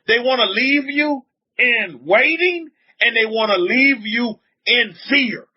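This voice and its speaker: A man, a rabbi, preaching emphatically on a livestream, reading out chat comments and repeating his points. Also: takes it slowly. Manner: emphatic, repetitive preaching with frequent pitch swings. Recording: dull lo-fi audio.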